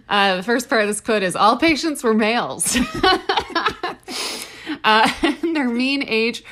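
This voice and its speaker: A woman co-hosting a casual podcast, reading aloud with playful, drawn-out comic emphasis. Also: on the high side, expressive, a bit bright. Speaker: podcast co-host.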